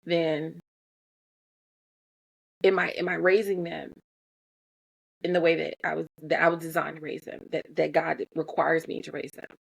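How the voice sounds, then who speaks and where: A woman's voice: low voice, moderate pace, gravelly, long pauses, slightly rough. A woman, a mother in her thirties, speaking candidly and earnestly about parenting, owning up to her own faults with frequent restarts. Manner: earnest, self-critical, animated with restarts. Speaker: mother sharing parenting reflections. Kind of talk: candid personal talk.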